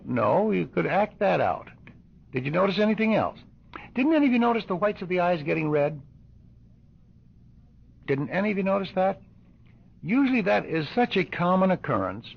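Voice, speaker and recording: An older man teaching a class of doctors as a hypnosis instructor, deliberate and questioning, repeating his points, on an old lo-fi tape recording. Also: high voice, creaky, husky.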